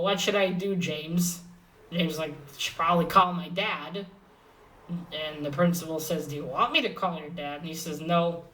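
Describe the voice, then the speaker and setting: A woman with a fairly low voice walks through a comic book issue in a loose, chatty way. She hesitates a lot, fills gaps with "uh" and restarts her sentences. She sits a little away from the microphone. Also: a bit bright, recorded from a distance, rough recording. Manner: rambling, hesitant with many fillers and restarts. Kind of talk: casual comic recap.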